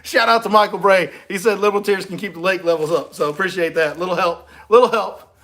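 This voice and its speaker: A man's voice: sits high, fairly even intonation, fast talker, a bit bright. A man, a fishing guide hosting a casual livestream, reading comments and teasing with frequent laughs. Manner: joking, teasing and laughing between lines.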